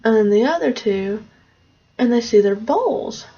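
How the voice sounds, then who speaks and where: A woman with a fairly high, husky voice retells a fairy tale in a loose, chatty way. The recording is muffled and lo-fi. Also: lively intonation, measured pace, dark tone. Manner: loose, conversational retelling with fillers. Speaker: storyteller. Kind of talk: casual story retelling. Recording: dull lo-fi recording.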